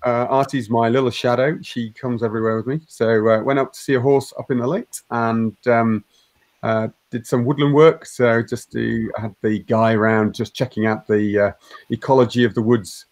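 A man's voice: medium pitch, steady tone, moderate pace, darkish tone, dry recording. A man co-hosting a podcast in casual chat, easygoing and hesitant, with many ums. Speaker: podcast co-host.

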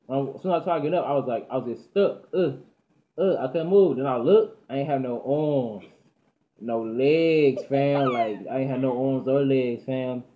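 A teenage boy from Texas telling a story in animated, slangy chat, often stammering and repeating himself. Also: medium pitch, moderate pace. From Dallas, Texas. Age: teens. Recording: dull lo-fi audio.

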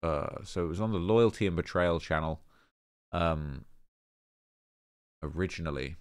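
A man hosting a rap commentary show, talking casually in slang with animated emphasis and lots of fillers. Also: low voice, a little slow, clear, resonant tone, no room sound, studio quality. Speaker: host of a rap commentary channel.

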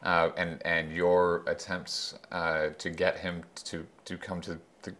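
A woman interviewer asking measured questions with a few hesitant fillers. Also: rumbling low, flat delivery, a bit bright.

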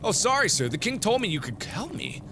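A man's voice: high voice, huge pitch swings, fairly quick, background noise, pitched above the performer's own voice, heavily acted. A man voicing a curious, polite ten-year-old girl in a game, asking earnest questions. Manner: earnest, questioning, addresses others as sir.

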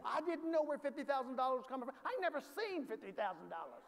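A male pastor from the preaching a sermon in a large church, calling for responses and rising to shouts. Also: very high voice, very animated, fast talker, vocal fry, slight background noise. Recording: reverberant hall, faint ambience.

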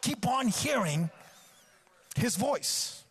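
A man's voice: extremely high pitch, sing-song, extremely slow, a bit bright, a little hiss or hum. A male guest preacher delivering a sermon at a church service, exhorting with emphatic repetition.

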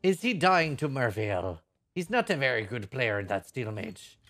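Brief: playful pirate, put on by a male streamer, hammy, lively pitch. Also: moderate pace, faint music behind. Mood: jokey gruff. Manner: hammy pirate growl with "yar".

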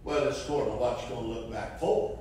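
A man's voice: mid-range voice, fast, mellow, a little hiss or hum. A man preaching a sermon, fervent and rising to impassioned cries, recorded from a distance in a church sanctuary. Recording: roomy echo from far off.

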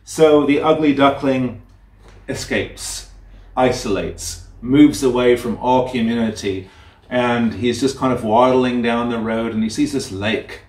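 A man's voice: mid-range voice, a little mellow. Earnest, heartfelt man preaching. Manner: earnest, heartfelt, with halting restarts. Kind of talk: sermon with a story read aloud. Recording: roomy, distant mic.

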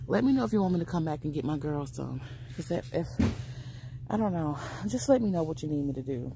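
A woman's voice: fairly low pitch, gravelly, background noise. A woman chatting casually to her viewers while she shops in a store, calling them y'all and honey. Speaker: vlogger. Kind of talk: casual shopping vlog. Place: inside a store.

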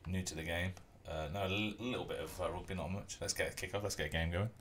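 A man's voice: sits low, fast talker, a little hiss or hum. A man casually talking through a rugby video game on his stream, rambling and humming to himself. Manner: relaxed, rambling, hums to himself. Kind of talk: casual gameplay commentary.

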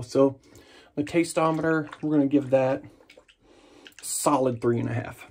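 A man's voice: medium pitch, unhurried, long pauses. A man chatting casually and jokingly as he narrates his own shave in a vlog. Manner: relaxed, chatty and jokey while shaving. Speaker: wet shaving vlogger.

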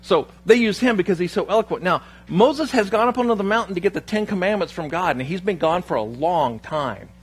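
A male pastor preaches in a fairly high, husky voice. He tells stories with humor and pokes fun at himself as he talks to his church. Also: expressive, a little fast, hardly any pauses. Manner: humorous, self-deprecating storytelling. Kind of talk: sermon.

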